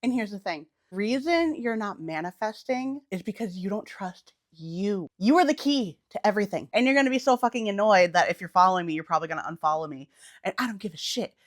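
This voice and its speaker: A young woman talking to camera about manifestation in a blunt, profane, high-energy way. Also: animated, fairly quick, no echo, clean studio sound. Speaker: manifestation coach on her channel. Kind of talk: casual vlog talk to camera.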